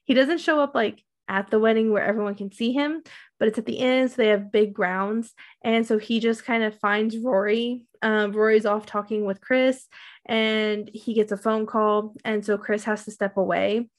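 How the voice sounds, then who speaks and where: A woman chatting casually as a podcast co-host, walking through a recap in a rambling way. Her voice sits a little high for a woman, and she leans on "um" and "like" as she goes. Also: fairly even intonation, moderate pace. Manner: rambling, many fillers and likes. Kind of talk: casual chat recapping a TV show.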